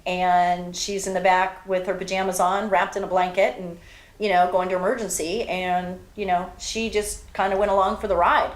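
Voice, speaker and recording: Chatty middle-aged mother, echoey room. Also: mid-range voice. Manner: warm storytelling mother, chatty and reminiscing. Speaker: host. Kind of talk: casual chat.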